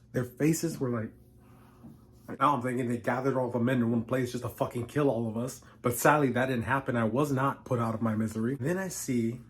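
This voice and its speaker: Sarcastic young man cursing through a story. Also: medium pitch. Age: young adult. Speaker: vlogger. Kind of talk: storytime vlog.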